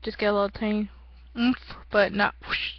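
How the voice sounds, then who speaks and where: A woman's voice: medium pitch, flat delivery, moderate pace, dry recording, dull audio. A young woman giving a rambling, self-mocking casual vlog update, often laughing at herself. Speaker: vlogger.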